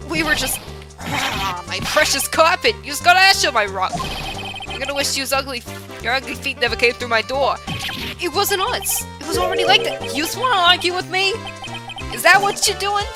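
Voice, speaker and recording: A woman's voice: sits high, animated, normal speed. Woman doing a blustering gangster thug. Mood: threatening. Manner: blustering and threatening, tough-guy slang. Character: gruff loan-shark gangster man, bullying. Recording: loud game music behind.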